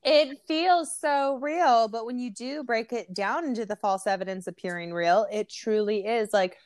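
A woman podcast host, slightly hoarse from losing her voice, chatting casually and telling stories with lots of fillers. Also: mid-range voice, moderate pace, dry recording. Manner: chatty, animated storytelling with fillers.

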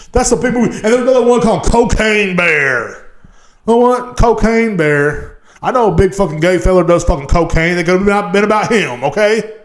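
A man's voice: sits high, reverberant. A man from Texas, hosting a podcast in a profane, rambling, riled-up solo rant. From Texas, USA. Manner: riled-up, swears constantly, rambling. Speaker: podcast host.

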